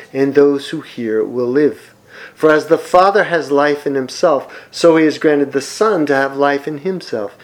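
A man preaching a sermon, reading scripture aloud and commenting on it, with emphatic swings between loud and soft. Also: a little high, low-quality recording. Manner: slow, emphatic preaching with wide swings in loudness. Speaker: pastor.

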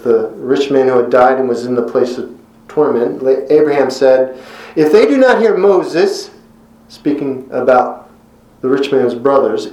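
A man preaching a sermon in an earnest, conversational way, pausing for effect and voicing quotes with emphasis. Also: medium pitch, darkish tone, roomy sound, poor audio.

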